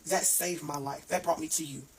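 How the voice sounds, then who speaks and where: A woman's voice: sits low, fairly even intonation, breathy edge, poor audio. A woman giving an earnest, informal devotional talk, with restarts and stumbles over her words. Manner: reads scripture aloud haltingly. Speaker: online devotional speaker.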